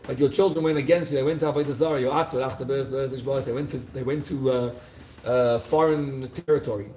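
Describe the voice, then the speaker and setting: Male rabbi with a mid-pitched voice, storytelling sermon, lively retellings, faint hiss behind him. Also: fast. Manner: storytelling, acting out figures' pleas. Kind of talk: explaining liturgical poems.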